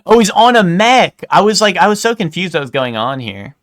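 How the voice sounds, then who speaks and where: A man's voice: high-pitched, very animated, fairly quick, a bit bright. A man live-streaming, chatting casually with his viewers in a rambling way, full of "like" and "um" and casual swearing.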